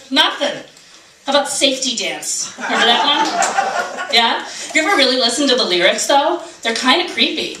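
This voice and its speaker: A woman's voice: high voice, sing-song, moderate pace, a crowd in the background. A woman in her forties doing a stand-up comedy set, brash and swearing, with mock-outraged rants. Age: 40s. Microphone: handheld camera from the audience. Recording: roomy club sound from a distant camera. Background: audience laughter.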